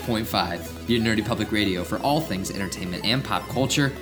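A man's voice: on the low side, fairly quick, over music. A young man hosting a casual podcast, chatty and laid-back, rambling a little. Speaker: podcast host.

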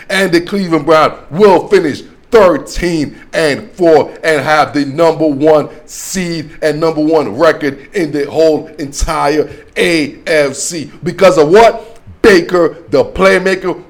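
A man hosting his own football show, making brash trash-talking predictions in casual slang. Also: fairly high pitch. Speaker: sports show host. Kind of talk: casual sports commentary.

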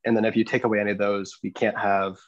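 A young man talks through ideas on a podcast, stopping and restarting often as he searches for words. His voice sits fairly low. The sound is dull and lo-fi, with a dry, close feel. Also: little pitch movement, dry recording. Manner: hesitant, many restarts and fillers, explaining slowly. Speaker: podcast co-host. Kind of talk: casual podcast chat.

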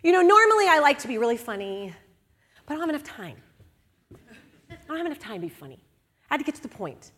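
A woman giving a sermon at a church service, candid and conversational, swinging between hushed and loud moments. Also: high voice, very animated, fast talker, pauses often, big-room sound.

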